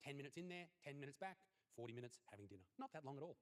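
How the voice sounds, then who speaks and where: An Australian man doing a stand-up comedy set, brash and crude with punchy deadpan lines. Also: medium pitch, racing, slight background noise.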